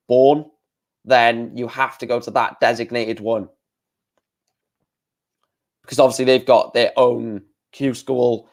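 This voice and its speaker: A man hosting a casual live stream, reading out darts results and answering chat while thinking aloud with plenty of fillers. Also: mid-range voice.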